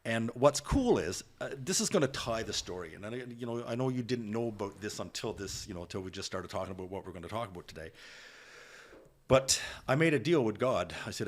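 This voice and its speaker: A man's voice: lowish voice, expressive, a little fast. A man talking earnestly and emphatically as a podcast guest, with frequent restarts. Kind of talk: candid podcast conversation.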